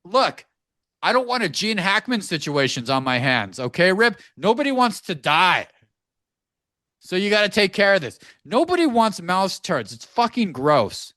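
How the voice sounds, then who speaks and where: A man co-hosting a podcast, telling a story in an animated, profane ranting way from a home studio. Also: high voice, a little slow, no room sound. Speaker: podcast co-host. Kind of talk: casual podcast chat.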